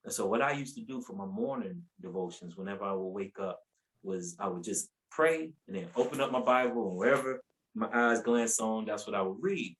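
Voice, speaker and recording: A man with a lowish voice speaks fairly quickly while sharing his personal faith testimony as a guest on a podcast. His delivery is casual and colloquial, with repeated words and animated, raised-voice reenactments of what people said. The recording is low quality.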